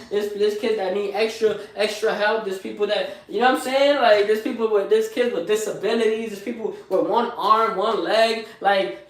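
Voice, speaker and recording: A man giving a loud, preachy motivational pep talk in his small home gym, repeating his lines and calling to his viewers. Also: sits high. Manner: loud and preachy, repeats phrases, says y'all a lot. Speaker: motivational live streamer. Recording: very echoey room, mic far off.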